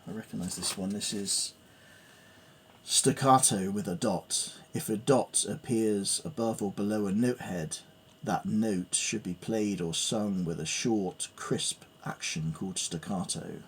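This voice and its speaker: Guy mumbling thru piano theory, low gravelly voice, slow, faint hiss behind. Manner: hesitant, reads notes aloud and muses with fillers. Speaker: piano learner. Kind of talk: thinking aloud while studying music theory.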